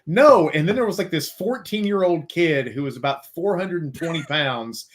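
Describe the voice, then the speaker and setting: Male host, higher voice, lively swinging pitch, casual banter. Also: normal speed. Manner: animated, laughs often. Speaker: podcast host. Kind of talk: casual chat.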